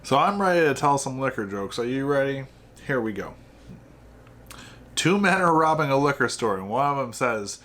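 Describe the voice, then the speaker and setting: Deadpan man telling jokes. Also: mid-range voice, normal speed. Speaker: podcast host telling jokes. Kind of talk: casual joke telling.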